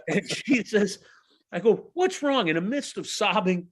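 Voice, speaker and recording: With a high, slightly rough voice, a man in his forties who broadcasts hockey on radio spins a story for a casual podcast, lively yet full of halting restarts.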